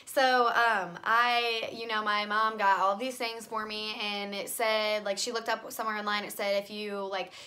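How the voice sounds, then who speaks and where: A young woman talks straight to her camera from her bedroom. Her voice is bright and forward, and she tells her story in a loose, rambling way, full of "like" and "you know". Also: medium pitch, flat delivery, normal speed, hardly any pauses. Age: young adult. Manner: rambling, filler-heavy, frequent "like" and "you know". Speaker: vlogger. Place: home bedroom.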